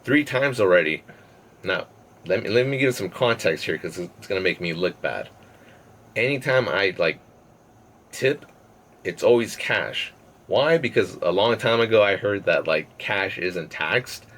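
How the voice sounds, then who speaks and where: A man's voice: deep voice, expressive, a little slow, fairly bright tone. A young man, a podcast guest, telling a rambling, profane story in casual chat and laughing between phrases.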